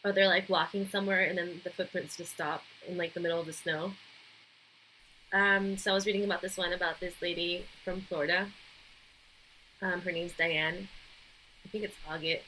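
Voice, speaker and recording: A woman's voice: fairly low pitch, fairly even intonation, moderate pace, long pauses, sharp tone, a little hiss or hum, low-quality recording. A woman co-hosting a podcast, chatting loosely and recounting a creepy story. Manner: chatty, giggly, loose with details. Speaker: podcast co-host. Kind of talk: casual chat, storytelling.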